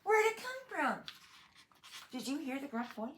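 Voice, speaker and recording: A woman's voice: high-pitched, big pitch swings, normal speed, fairly bright tone, slight background noise. A woman reading a picture book aloud to children, adding playful asides and questions for her listeners. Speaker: storyteller. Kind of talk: read-aloud storytime for children.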